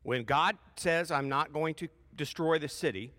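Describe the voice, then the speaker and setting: A man preaching a sermon in a church, lively and emphatic, with folksy asides between loud peaks of emphasis. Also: a little high, moderate pace, few pauses, big-room sound. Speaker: pastor.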